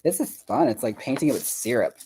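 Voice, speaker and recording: A man's voice: medium pitch, sing-song, fairly quick, mellow, slight background noise. A man hosting a livestream, chatting with viewers while he paints dolls, chatty and profane, laughing often and rambling as he tries to recall things. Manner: rambling, searches memory aloud. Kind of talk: casual chat with viewers while crafting.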